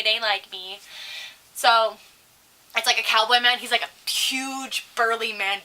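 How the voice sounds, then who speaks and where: A young woman with a bright, forceful voice tells salty stories in casual chat, swearing freely and leaning into the retelling. She pitches a little higher than most women. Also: moderate pace, slight background noise, low-quality recording. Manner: profane, animated storyteller. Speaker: co-host.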